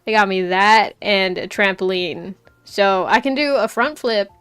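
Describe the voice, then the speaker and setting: With a clear, resonant voice at medium pitch, a woman streamer recounts a story at a measured pace. The chat is casual and lively, and she laughs frequently and fills her speech with fillers.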